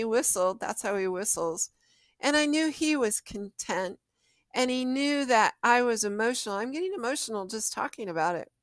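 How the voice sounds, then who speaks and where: A middle-aged woman hosts her own spiritual podcast and talks with candid, chatty emotion. Her voice sits a little high and sounds smooth and clear. She speaks slowly, letting her rhetorical questions land. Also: fairly bright tone, no echo, clean studio sound. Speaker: podcast host and psychic medium. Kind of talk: casual solo podcast talk.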